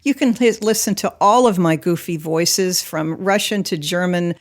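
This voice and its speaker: A woman's voice: fairly low pitch, moderate pace. A middle-aged American woman, an audiobook narrator, talking informally and upbeat in a professional studio. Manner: chatty, upbeat, explaining. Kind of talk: informal talk to camera.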